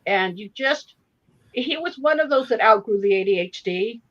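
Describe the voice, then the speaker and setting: Animated woman telling a story. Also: fairly high pitch, normal speed, dull audio. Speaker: author and guest reader. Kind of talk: storytelling anecdote at a live online event.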